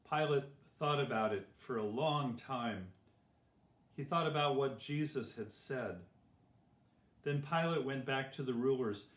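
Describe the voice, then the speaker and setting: Slow, gentle man reading a children's story. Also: medium pitch. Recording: roomy echo.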